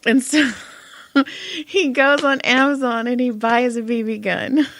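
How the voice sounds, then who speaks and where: Chatty, laughing woman with a higher voice. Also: level tone, a little slow, slight background noise. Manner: chatty storytelling with frequent laughter and swearing. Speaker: podcast co-host. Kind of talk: casual chat.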